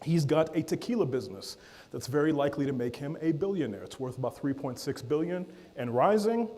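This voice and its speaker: Man, keynote speaker, playful and energetic, slightly high pitch, long hall reverb. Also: brisk. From Africa. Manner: energetic, playful, calls on the audience and jokes. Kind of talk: lively audience-interactive keynote. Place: large conference hall.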